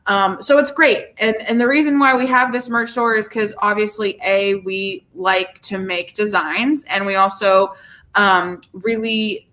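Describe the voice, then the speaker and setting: A woman co-hosting a casual podcast, with a bright, forward tone. She sounds bubbly and gushing, and she circles back over her words when excited. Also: medium pitch, a little slow. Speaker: podcast co-host. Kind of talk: casual chat.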